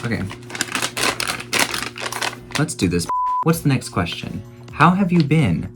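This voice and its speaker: A man's voice: medium pitch, sing-song, slow pace, loud music behind the voice. A man in his twenties chatting casually in a vlog while baking at home, chatty and self-mocking, swearing freely. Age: 20s. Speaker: YouTuber.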